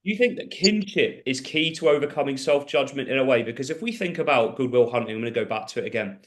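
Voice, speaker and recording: An inquisitive man hosting a casual podcast interview. His voice sits at an ordinary middle pitch, and he works out his questions out loud as he asks them. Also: animated, fast talker. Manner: inquisitive, thinks aloud while asking. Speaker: podcast host.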